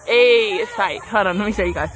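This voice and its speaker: A woman vlogging on a handheld camera at an outdoor park, chatting in a slangy, excitable way. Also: medium pitch, brisk, crowd noise. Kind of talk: casual vlog chat. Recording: outdoor noise behind.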